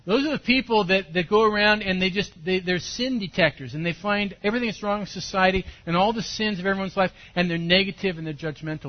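A man preaching a sermon as a pastor, telling his story with animation and sudden loud bursts. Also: sits high, quick pace, hardly any pauses. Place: church service. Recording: dull lo-fi sermon recording.

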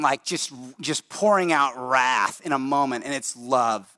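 A middle-aged male pastor preaching a sermon in a conversational, animated way, speeding up and slowing down for emphasis. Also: medium pitch, dry recording. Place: church sanctuary.

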